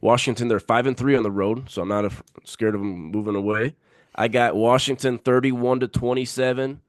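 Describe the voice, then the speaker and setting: A man's voice: medium pitch, fairly even intonation, a little fast, no room sound, clean studio sound. A man co-hosting a sports podcast in casual banter, emphatic and repeating his picks for effect.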